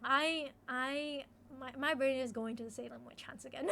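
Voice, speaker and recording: A woman's voice: high voice, steady tone, normal speed, creaky, few pauses, pushed and bright. A young woman streamer chatting casually with her viewers, talkative, often repeating phrases and laughing.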